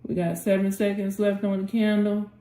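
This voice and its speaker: A woman's voice: medium pitch, little pitch movement, normal speed, warm tone, reverberant. A woman hosting a live trading session, urging the chart on aloud and calling on the Lord as she talks. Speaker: trading channel host.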